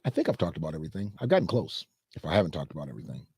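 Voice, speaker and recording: A man hosting a casual solo commentary show, talking loosely and jumping into high mocking voices when he quotes others. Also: very animated, rapid-fire, dark tone, slightly rough, no echo, clean studio sound.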